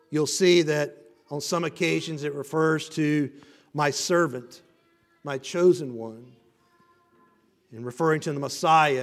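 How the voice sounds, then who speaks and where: A male pastor preaching an expository sermon, building to emphatic rising passages and then dropping low. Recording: reverberant hall.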